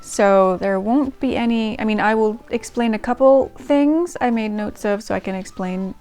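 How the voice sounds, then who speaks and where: Woman, diary-reading host, casual chat, self-deprecating, mid pitch. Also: moderate pace, darkish tone, faint music behind. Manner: chatty, self-deprecating, many ums and restarts. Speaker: channel host reading old diaries.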